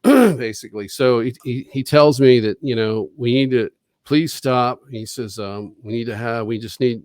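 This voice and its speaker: A man's voice: mid-range voice, no room sound, clean studio sound. Rambling man telling a story. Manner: rambling, profane, with frequent restarts and quoted dialogue. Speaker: interview guest. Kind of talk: casual storytelling. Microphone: video call.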